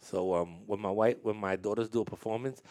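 A man's voice: lowish voice, a little fast, darkish tone. A man hosting a casual interview with young dancers, talking in a chatty, storytelling way with frequent laughs and restarts.

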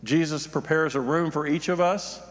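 A man's voice: on the high side, fairly even intonation, moderate pace, big-room sound. A man, a pastor, preaching a sermon, reading scripture aloud and then explaining it in plain talk, rising in emphasis on his points.

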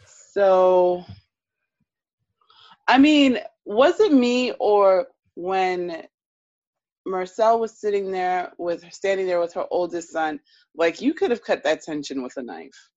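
Slow, chatty woman recapping TV. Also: on the low side, lively intonation, a little mellow, dry recording, highs cut off. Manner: chatty, emphatic, trails off and restarts. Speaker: podcast co-host. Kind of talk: casual reality TV recap chat.

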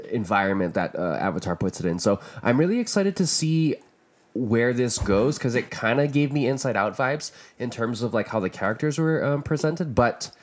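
A man with a Hawaiian accent on a podcast, giving thoughtful opinions while searching for words with many pauses. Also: lowish voice. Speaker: podcast co-host. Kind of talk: casual chat.

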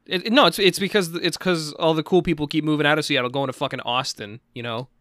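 Fast-talking, swearing young man. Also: a little high, fairly bright tone, no room sound, studio quality. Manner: rapid, profane, joking. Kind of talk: casual comedic banter.

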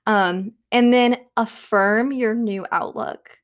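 A woman's voice: a little high, slow pace, clear, resonant tone. Chatty young woman, casual self-help talk. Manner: chatty, filler-heavy, frequent soft laughs. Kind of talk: casual monologue. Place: at home.

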